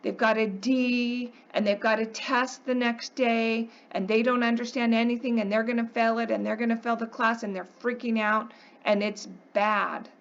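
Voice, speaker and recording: A woman's voice: on the high side, little pitch movement, normal speed, dull audio. A woman math teacher lecturing her class, emphatic and coaxing, often checking in with "okay?".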